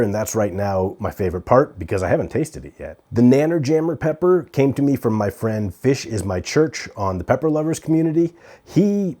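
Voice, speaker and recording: A man chatting casually as he reviews a pepper from his garden, relaxed and talkative with fillers. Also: mid-range voice. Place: outdoors in a garden on a hot day.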